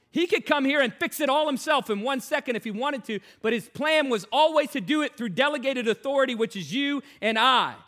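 A man preaching a sermon, moving between quiet storytelling and loud, urgent exhortation. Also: high-pitched.

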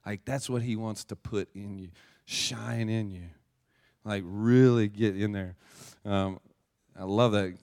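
A man's voice: lowish voice, fairly even intonation, slow, darkish tone. A male pastor telling a personal story in a casual, chatty sermon and reading from scripture, with frequent restarts.

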